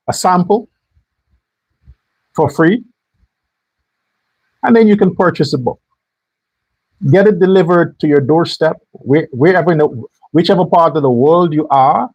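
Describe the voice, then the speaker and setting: A man's voice: a little high, a little slow, long pauses, a little mellow, breathy edge, muffled recording. A man hosting a political commentary show, ranting angrily and bluntly, swearing and hammering his points through repetition. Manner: angry, blunt and profane, hammering phrases by repetition.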